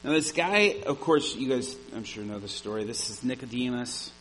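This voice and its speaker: A man preaching a sermon, telling a story with animated energy. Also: mid-range voice, normal speed, slight background noise, low-quality recording. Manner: animated storyteller, shouts at the climax.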